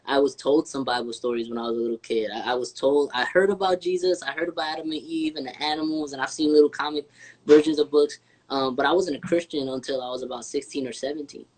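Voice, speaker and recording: A man's voice: medium pitch, fast, poor audio. A man who works in a church tells a personal story on a live stream. He speaks earnestly, stumbling and restarting his words. His voice is in a middle range. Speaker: church youth minister. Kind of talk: casual live-stream chat.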